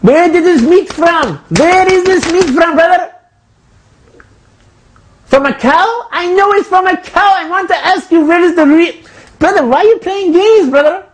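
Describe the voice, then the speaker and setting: A man's voice: extremely high pitch, measured pace, pitched above the performer's own voice. A man voicing a pushy, suspicious male customer who interrogates a butcher in a comedy sketch, demanding and calling everyone brother.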